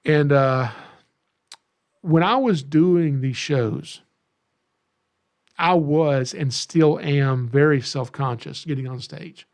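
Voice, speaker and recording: A man's voice: fairly high pitch, slow pace, creaky, long pauses. A middle-aged man from Georgia with a Southern accent, hosting a podcast and telling folksy, self-deprecating stories in a casual monologue. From Georgia, USA. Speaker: podcast host, snake educator.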